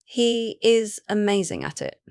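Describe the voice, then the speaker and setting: An earnest, affectionate male werewolf mate in an audiobook romance, voiced by a woman narrator. His lines sit at a middle pitch and sound dry and close. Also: huge pitch swings, measured pace, a little mellow, smooth, no echo. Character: adult male werewolf mate, warm and devoted.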